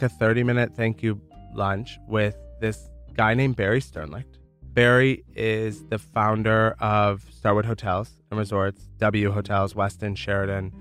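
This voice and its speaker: Candid young man telling his story. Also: fairly low pitch. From Michigan, United States. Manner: casual and candid, lively when quoting others. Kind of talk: storytelling, podcast interview.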